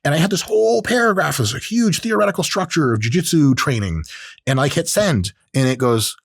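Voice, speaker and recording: Animated man riffing on tech, dry sound. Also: on the high side, brisk, gravelly, slightly rough, dry recording. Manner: animated, acts out quoted voices, profane asides. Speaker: podcast host. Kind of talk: casual monologue on technology.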